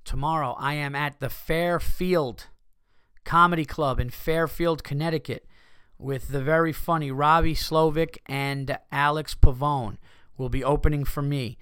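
A man's voice: a little high, steady tone, unhurried, a bit bright, clear, resonant tone, no echo, clean studio sound. A man hosting a comedy podcast, telling stories in a casual, profane way and acting out his own outbursts. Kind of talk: casual storytelling monologue.

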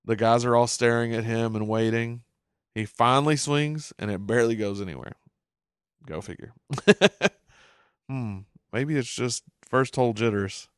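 A man's voice: medium pitch, a little slow, pauses often, clear, resonant tone, dry recording, studio quality. Chuckling man recapping a cartoon. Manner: chuckles often, reads out captions. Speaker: show recap host. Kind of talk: casual episode recap commentary.

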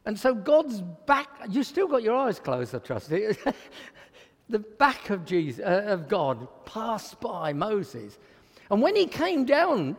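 A man's voice: high voice, slow pace. A man preaching a sermon in a church hall, telling Bible stories with animation and acting out the voices of the people in them. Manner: animated storytelling, acts out quoted speech. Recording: long hall reverb.

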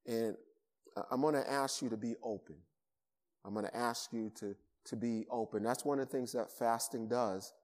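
A man with a Boston accent preaching a sermon, stressing points by repeating words. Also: mid-range voice. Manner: emphatic, repeats words for emphasis. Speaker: pastor. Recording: long hall reverb.

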